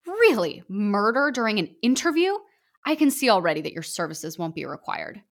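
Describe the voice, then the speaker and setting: A woman voicing a flustered, exasperated woman author who exclaims high and loud, in a storybook. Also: sing-song, fast talker, vocal fry, full character voice. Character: flustered romance author woman holding auditions.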